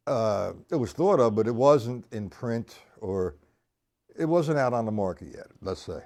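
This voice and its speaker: A man's voice: medium pitch, darkish tone. A man teaching drums on a live stream, explaining patterns casually and counting beats aloud. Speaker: drum teacher. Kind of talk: live-streamed drum lesson.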